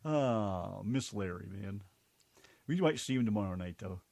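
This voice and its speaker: A man's voice: fairly low pitch, animated, a little slow, creaky, darkish tone. A man co-hosting a casual podcast chat, teasing his co-host with crude, profane banter.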